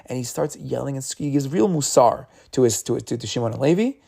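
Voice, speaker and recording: Man, gravelly voice, mellow tone, casual Torah talk, conversational, restarts phrases. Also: medium pitch, lively intonation, a little fast. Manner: conversational, repeats words when restarting, acts out quotes. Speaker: Torah teacher.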